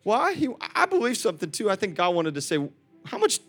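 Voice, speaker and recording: A young man delivers a sermon in a high, bright, forceful voice. He swings between loud calls and soft asides and keeps talking straight to his congregation, while faint music plays behind him. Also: sing-song, fast. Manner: acts out quoted voices, chats with the congregation. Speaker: pastor.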